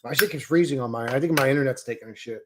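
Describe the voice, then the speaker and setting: Against a noisy background, a man with a medium-pitched voice fires off words rapidly while hosting a live stream. His direct-to-viewer rant is heated and profane, laced with swearing and mockery, and he talks with people in the chat.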